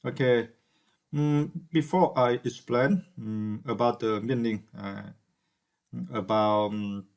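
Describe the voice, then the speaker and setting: A male English teacher whose first language is Vietnamese explains a word in a slow, halting way, full of "uh" and "um". His voice sits fairly low, and he keeps checking in with his listeners. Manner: hesitant, many fillers and restarts; asks "right?" to check understanding. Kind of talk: unscripted vocabulary lesson.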